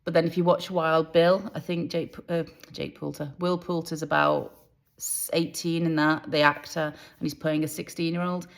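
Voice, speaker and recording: Woman, low voice, gravelly, chatty rambling vlog talk. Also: flat delivery, normal speed. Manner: chatty, rambling, self-deprecating. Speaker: author. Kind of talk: casual vlog chat.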